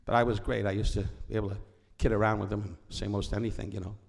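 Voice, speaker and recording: A man's voice: lowish voice, flat delivery, quick pace, creaky. An older man, a comedian telling rambling, wisecracking stories on stage, often breaking off to interrupt himself. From New York. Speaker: comedian guest. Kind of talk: on-stage storytelling conversation. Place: stage before a live audience.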